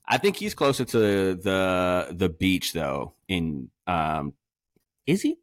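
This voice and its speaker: A man from Massachusetts hosting a podcast, chatting casually and telling profane, animated stories. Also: low voice, takes it slowly, no echo, studio quality. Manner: profane, animated storytelling with frequent laughs. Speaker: podcast host.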